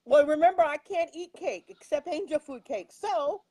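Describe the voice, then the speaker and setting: A woman's voice: sits high, normal speed, mellow, dry recording, rough recording. An older woman chatting casually on a radio show, telling stories with frequent laughs and restarts. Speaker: regular guest.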